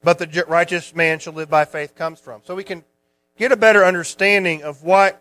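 A man's voice: on the high side, steady tone, fairly quick, pushed and bright, no echo. A man preaching a sermon, explaining a Bible passage in a conversational teaching manner.

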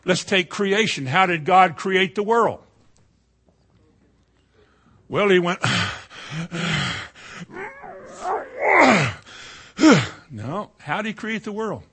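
A middle-aged preacher man, his tone bright and forceful. His pitch sits a little high. He tells his sermon like folksy stories, sinking to a hush and then rising to loud cries. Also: lively intonation, slow, long pauses. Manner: folksy storytelling, swings from quiet to loud.

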